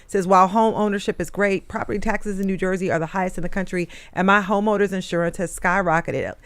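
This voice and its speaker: A man's voice: high voice, fairly even intonation, a bit bright, smooth. A man hosting a radio call-in show, introducing callers and chatting with guests. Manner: conversational, quick to affirm. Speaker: host.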